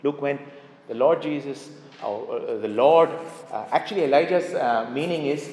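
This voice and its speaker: A man's voice: medium pitch, moderate pace, a little mellow. Emphatic preacher man in echoey hall. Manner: emphatic, repeats key phrases for stress. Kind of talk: sermon.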